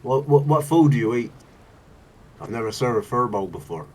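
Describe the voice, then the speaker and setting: A man's voice: medium pitch, lively intonation, normal speed, a little mellow, lightly acted. A man putting on a stammering, polite innkeeper. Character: fussy male innkeeper serving food.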